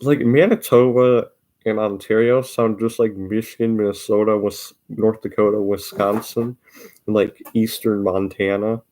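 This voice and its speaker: A man's voice: fairly low pitch, fairly even intonation, measured pace, a little mellow. A young man with an Upper Midwest accent, rambling in a casual solo vlog, drawing out his vowels and repeating words. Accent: Upper Midwest American. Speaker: vlogger.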